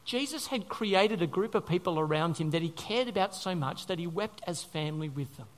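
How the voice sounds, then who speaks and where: A man's voice: high-pitched, animated, fairly quick. A man preaching a sermon as pastor, earnest, repeating phrases for emphasis and asking his listeners questions.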